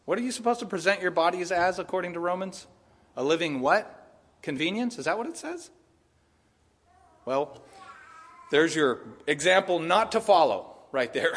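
Animated male preacher in a reverberant church. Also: fairly high pitch. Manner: animated preaching, rising loud on rebukes, dropping quiet for mocking quotes. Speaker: pastor. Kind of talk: sermon. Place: church sanctuary.

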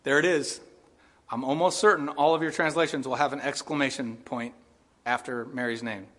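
A man preaching a sermon as pastor, earnest and conversational, with asides and soft chuckles. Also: mid-range voice, fairly even intonation, normal speed.

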